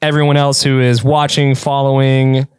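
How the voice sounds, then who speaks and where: A man's voice: mid-range voice, flat delivery, moderate pace, smooth, no echo, clean studio sound. A young man, co-hosting a casual comedy podcast in a laid-back, rambling way. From Texas. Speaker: podcast co-host.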